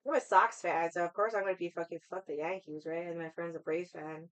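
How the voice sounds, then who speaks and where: A woman's voice: lowish voice, quick pace, fairly bright tone, smooth, rough recording. A woman hosting a casual stream, chatting with her viewers in a rambling way and swearing freely. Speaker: livestream host chatting with viewers. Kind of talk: casual chat.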